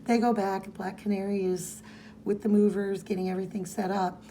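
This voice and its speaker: A woman's voice: medium pitch, flat delivery, moderate pace, warm tone, a little hiss or hum. A woman co-hosting a podcast, chatting casually as she recaps a comic and reads its dialogue in playful voices. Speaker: podcast co-host.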